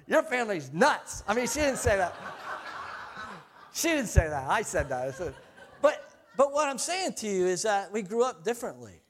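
A middle-aged pastor with a fairly high voice delivers a sermon in a loose, conversational style. He teases himself and laughs often as he addresses the congregation.

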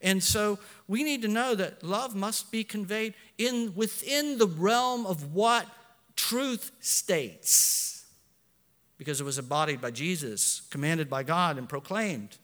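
A man preaching a sermon in earnest, swinging between soft asides and loud emphatic lines, correcting himself as he goes. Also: high-pitched, expressive, slow pace, long reverb tail. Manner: self-correcting, with fillers.

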